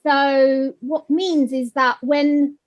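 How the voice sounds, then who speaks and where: A woman presenting an online webinar for teachers, explaining with many fillers and lively demonstrations. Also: sits high, extremely slow, muffled recording. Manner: animated, sings and mimics animal sounds to demonstrate. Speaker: teacher trainer.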